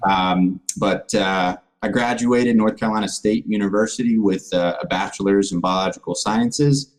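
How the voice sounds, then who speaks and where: Deep-voiced man in his thirties. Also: normal speed, rough recording. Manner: earnest, lots of uh fillers. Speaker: asbestos project manager guest. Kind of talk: casual podcast chat.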